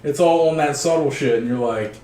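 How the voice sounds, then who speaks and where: A man's voice: fairly high pitch, fairly quick, warm tone, recorded from a distance. Crude joking young man, roomy sound. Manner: crude, joking, rambling with lots of fillers. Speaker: podcast co-host. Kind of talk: casual banter. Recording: roomy, faint background noise.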